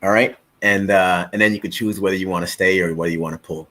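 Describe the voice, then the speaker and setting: Here the live-stream host is a middle-aged man with a low, bright, forceful voice that holds a steady tone at a quick pace. He jokes around playfully and speaks directly to his audience as folks.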